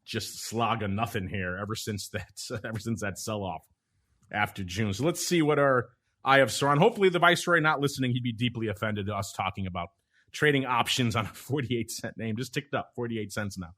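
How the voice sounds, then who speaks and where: A man's voice: lowish voice, fairly quick, a bit bright. A man hosting a casual podcast chat, joking along, chuckling often and teasing his co-hosts. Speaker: podcast host.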